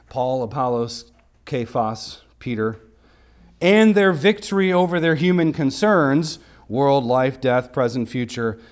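A male pastor preaching an expository sermon in a mid-pitched voice. He swings between forceful, raised exclamations and soft, lowered asides. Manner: emphatic, rising to sharp exclamations and dropping to quiet asides. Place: church sanctuary.

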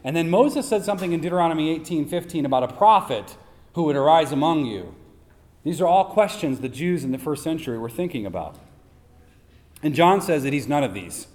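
A man's voice: on the high side, expressive, a little fast, a little mellow. A man preaching a sermon as pastor, emphatic and full of rhetorical questions. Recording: long hall reverb.

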